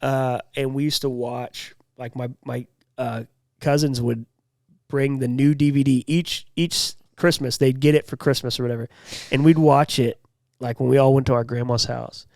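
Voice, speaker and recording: A man's voice: medium pitch, steady tone, moderate pace, vocal fry, darkish tone, dry recording, clean studio sound. A young man co-hosting a podcast in loose, rambling casual chat full of fillers. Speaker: podcast co-host.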